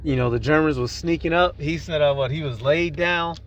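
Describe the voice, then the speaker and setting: A man's voice: a little high, a little fast, muffled recording. A man hosting his own channel. He talks to viewers in an emphatic, profane way, often repeating himself and calling them y'all. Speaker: channel host. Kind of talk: casual commentary to camera. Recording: clear outdoor traffic noise.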